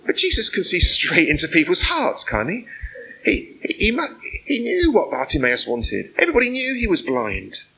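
Guy preaching a casual sermon, kinda gravelly, faint hiss behind, keeps asking "isn't it?" type questions. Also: high-pitched, wildly swooping pitch, moderate pace, bright, forceful tone, poor audio. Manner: conversational, full of rhetorical questions; personal and earnest. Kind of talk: informal sermon.

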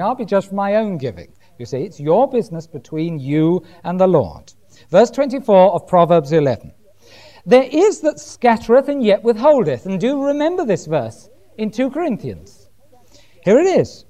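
Male preacher, high-pitched and very animated; reads scripture, hammers key words. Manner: emphatic, repeats key words, reads verses aloud. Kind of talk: sermon with scripture reading.

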